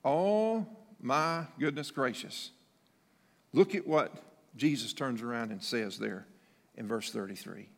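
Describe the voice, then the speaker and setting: A man preaching a sermon, animated, acting out the people in the story as he goes. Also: mid-range voice, slow pace, big-room sound. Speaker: pastor.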